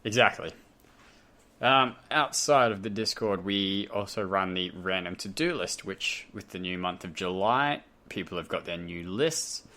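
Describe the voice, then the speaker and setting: At a measured pace, a man with a low-pitched, sharp-toned voice hosts a casual podcast chat from home via voice call. His Australian accent is light, and he tends to ramble off on tangents at his own expense.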